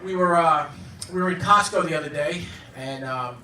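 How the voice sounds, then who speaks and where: A man in his fifties doing a stand-up comedy set on a club stage, with a halting, deadpan delivery full of fillers. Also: on the high side, noisy background. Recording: roomy club sound, audience recording from a distance.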